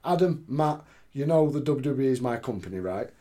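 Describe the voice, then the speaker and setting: A domineering older boss lecturing two men about who holds the power, as a podcast host quotes him. His voice stays in an ordinary middle pitch. He speaks in a stern, lecturing way. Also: animated, a little fast, dark tone, natural voice. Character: domineering older male boss laying down the law.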